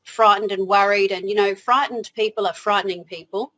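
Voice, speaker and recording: A woman's voice: medium pitch, fairly even intonation, a little fast, fairly bright tone, poor audio. A woman with an Australian accent, a guest in an interview, telling her story in a chatty way, laughing easily and often restarting her sentences.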